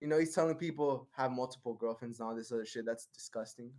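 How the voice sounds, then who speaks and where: A man's voice: medium pitch, quick pace, darkish tone. A man on a stream call, trading insults and stumbling over his comebacks with restarts. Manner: mumbling, stammering comebacks. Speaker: stream guest. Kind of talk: trash-talk banter on a call.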